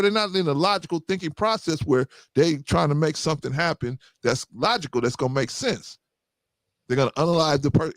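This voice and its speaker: A man hosting a casual group chat, an animated storyteller who often laughs. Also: on the high side, no echo. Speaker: podcast host.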